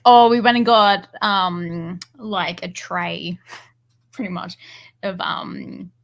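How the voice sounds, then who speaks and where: A woman's voice: fairly low pitch, takes it slowly. A young woman, a guest on a podcast, answering casually and hesitantly with many fillers. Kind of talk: casual chat.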